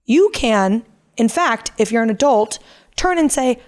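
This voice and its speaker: A woman's voice: fairly high pitch, measured pace. A woman in her thirties, co-hosting a podcast, telling a story in casual chat and acting out what people said. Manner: animated storytelling, acting out quotes. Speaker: podcast co-host.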